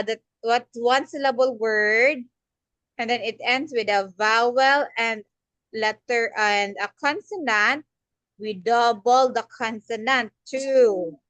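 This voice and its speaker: Woman tutor, slow and patient, kinda high voice, dry close mic. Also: pushed and bright, no room sound. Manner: slow, patient, repeats words for a young learner. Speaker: English tutor. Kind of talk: online one-on-one grammar lesson.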